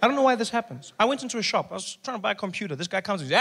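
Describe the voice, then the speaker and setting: A man telling a stand-up comedy story, acting out other people in hushed and loud voices. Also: sits high, very fast, breathy edge. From South Africa. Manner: animated, acts out characters in hushed and loud voices.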